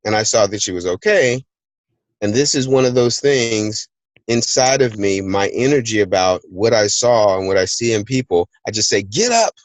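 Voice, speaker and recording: A low-pitched man talks loosely and energetically through a motivational chat. His voice sits dry and close to the mic. He tells stories and acts out bits of them in quotes. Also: normal speed, no echo, poor audio. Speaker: host of a team call. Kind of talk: casual motivational talk. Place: hot place, remote recording.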